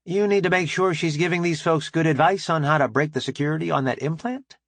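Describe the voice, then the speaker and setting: A man's voice: fairly high pitch, a little fast, dry recording, voice pushed up. A man voicing a laid-back, folksy spacefaring man with an easygoing manner.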